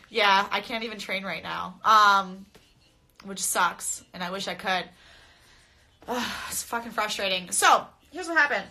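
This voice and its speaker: Bright-voiced woman, blunt and profane. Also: mid-range voice, measured pace. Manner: blunt, profane and laughing, talks straight to viewers. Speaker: mixed martial arts fighter. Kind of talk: casual live-stream chat. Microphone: phone camera.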